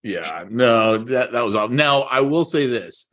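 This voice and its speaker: A man's voice: mid-range voice, lively intonation, unhurried, a bit bright. A man co-hosting a podcast in casual chat, emphatic and repeating his points. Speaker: podcast co-host.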